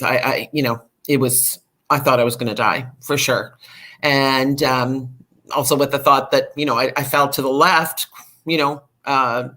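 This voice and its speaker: A middle-aged woman, a podcast guest, candidly telling a personal recovery story in an animated way, full of fillers. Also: a bass voice.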